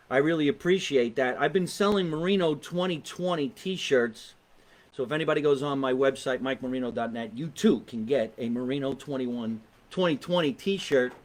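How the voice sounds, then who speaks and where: A man with a New Jersey accent hosting a live online comedy talk show from his basement, brash and joking with viewers, swearing freely. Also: medium pitch. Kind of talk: casual live-stream chat. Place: home basement.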